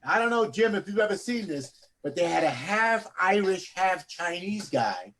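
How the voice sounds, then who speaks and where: High-voiced man telling a dry joke story. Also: very animated, moderate pace, fairly bright tone, a little hiss or hum. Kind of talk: casual comedic storytelling. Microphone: video call.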